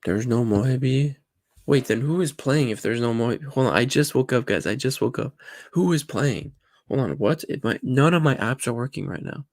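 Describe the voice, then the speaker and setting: A man's voice: medium pitch, moderate pace, no echo. A man hosting a casual live watch-along, groggy and dry-throated from just waking up, rambling and flustered as he talks to himself and his chat. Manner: rambling, self-talking, flustered. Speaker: livestream host. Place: home room at a desk.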